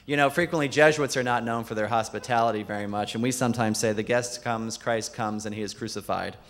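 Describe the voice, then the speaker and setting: A man's voice: on the low side, steady tone, fast talker, a bit bright, slight background noise. A man, a Jesuit priest, giving a keynote talk full of funny anecdotes, dropping his voice to deliver quoted punchlines. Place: large conference hall. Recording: long hall reverb.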